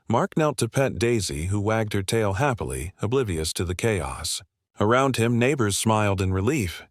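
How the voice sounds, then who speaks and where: Expressive low-voiced male story narrator. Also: no room sound, clean studio sound. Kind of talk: scripted narration.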